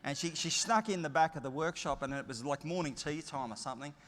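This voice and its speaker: A man's voice: on the high side, quick pace, fairly bright tone. A middle-aged man with an Australian accent giving a conference keynote, telling chatty, plain-spoken stories with humour. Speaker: keynote speaker. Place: large conference hall. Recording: long hall reverb.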